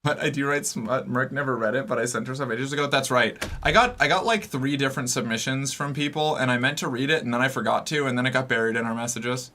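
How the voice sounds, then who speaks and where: A man's voice: medium pitch, fast, hardly any pauses, bright, forceful tone. A young man from the US Northeast streaming and chatting casually with viewers, talkative and rambling with many fillers. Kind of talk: casual chat reading viewer messages.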